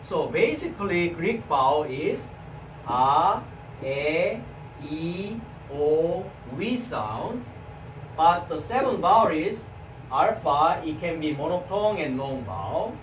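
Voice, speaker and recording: A man's voice: on the high side, animated, slow pace. Korean-accented man teaching Greek, echoey room. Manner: non-native English, repeats "right?" as a check, models sounds for students to echo. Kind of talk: classroom lecture. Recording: echoey room, mic at a distance, faint background noise.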